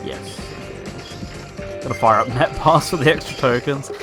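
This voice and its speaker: A man's voice: mid-range voice, slow, pauses often. A man giving wry, chatty commentary while playing a video game, chuckling to himself now and then. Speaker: let's play host. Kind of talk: gameplay commentary. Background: loud game music.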